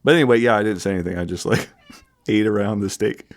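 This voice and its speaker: A man's voice: lowish voice, fast talker. A man co-hosting a podcast in casual chat, dry and teasing in an easygoing way. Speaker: podcast co-host.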